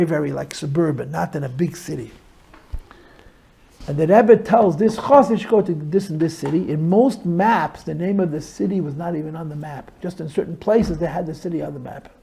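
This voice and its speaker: A middle-aged man, a rabbi, telling a story to a small group with animated emphasis, stretching words as he goes. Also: a little high, creaky, slightly rough.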